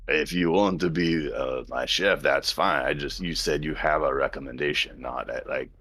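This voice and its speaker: Very deep, gravelly man fumbling for words. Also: normal speed, a bit bright. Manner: hesitant, stumbling over words. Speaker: player. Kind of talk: casual tabletop game chat.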